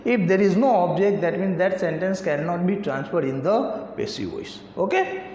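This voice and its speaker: A man's voice: high-pitched, animated, a little mellow. A man with an Indian English accent teaching a grammar lesson, asking and answering his own questions step by step. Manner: slow, repetitive questioning. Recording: echoey room, slightly dull lo-fi sound.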